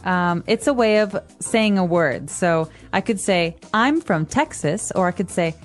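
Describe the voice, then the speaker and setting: A woman's voice: fairly low pitch, moderate pace, soft background music. A woman from the United States co-hosting an English-learning podcast, explaining words with examples in casual chat. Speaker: podcast co-host, English teacher.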